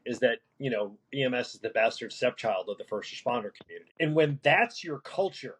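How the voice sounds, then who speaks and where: A man who works as a paramedic, talking through a casual podcast conversation in a halting way, with many restarts and fillers. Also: medium pitch, animated, a bit bright, husky, rough recording. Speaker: paramedic guest.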